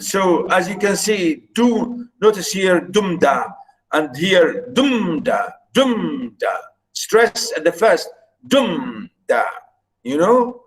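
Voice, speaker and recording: A male university lecturer teaching poetry meter online, halting and repeating himself as he counts out syllable stresses. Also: high-pitched, low-quality recording.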